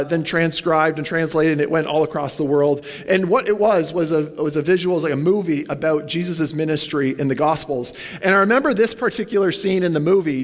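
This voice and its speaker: Man pastor, slightly high voice, chatty sermon, long church echo. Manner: conversational, asks the congregation questions, goes off on tangents.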